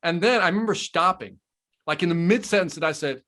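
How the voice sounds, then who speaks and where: A man telling a story as a guest on a podcast, animated and enthusiastic, in casual conversation. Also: high-pitched, fairly quick. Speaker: podcast guest, sales trainer.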